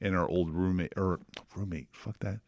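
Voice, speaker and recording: A man's voice: deep voice, moderate pace, dry recording, studio quality. A man from New Jersey co-hosting a podcast, swearing freely and laughing through his stories. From New Jersey, USA. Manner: profane, laughing, animated. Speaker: podcast co-host. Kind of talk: casual chat.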